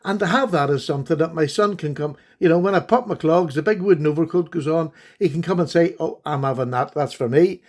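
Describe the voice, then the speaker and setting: A man's voice: a little high, quick pace, hardly any pauses, a little mellow. A middle-aged man hosting a casual vlog, chatting fondly and a little rambly while showing knives to the camera. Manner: chatty, rambling, fond and enthusiastic. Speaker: host, knife collector.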